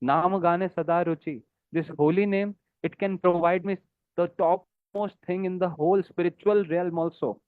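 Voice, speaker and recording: A man's voice: sits high, steady tone, moderate pace, clean tone, no echo. Earnest man giving a devotional lecture. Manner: earnest, pleading tone, quotes Sanskrit verses. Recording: dry, phone-like narrow sound.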